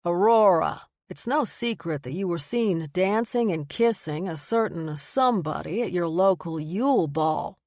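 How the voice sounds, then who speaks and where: A woman's voice: lowish voice, expressive, unhurried, hardly any pauses, a little mellow, dry recording, studio quality. Woman doing a scruffy pushy paparazzi guy, blunt and nosy. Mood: prying. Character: pushy scruffy short male tabloid photographer.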